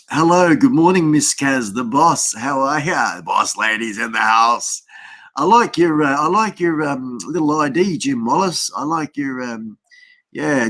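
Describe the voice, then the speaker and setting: A man's voice: medium pitch, a bit bright. An Australian man hosting a casual live stream, chatting in a rambling way and greeting viewers by name, speaking into a built-in webcam mic.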